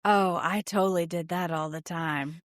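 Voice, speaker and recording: Middle-aged woman telling lively anecdotes. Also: fairly low pitch, normal speed, no room sound, clean studio sound. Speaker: podcast co-host. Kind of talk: casual chat.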